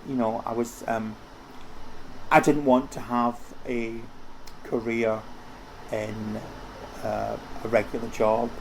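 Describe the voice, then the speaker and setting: A man's voice: medium pitch, little pitch movement, slow pace, vocal fry, long pauses, darkish tone, a little hiss or hum. A middle-aged man, talking as an interview guest in a chatty, rambling way with many restarts. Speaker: interview guest, costume house owner. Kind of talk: casual conversational interview.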